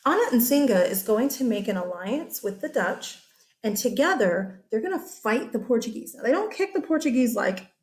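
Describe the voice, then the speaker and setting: A chatty woman teacher walks her class through a history lesson over slides. Her voice sits on the higher side, and she keeps checking in with her listeners as she goes. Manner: chatty, animated, often checks in with "okay?".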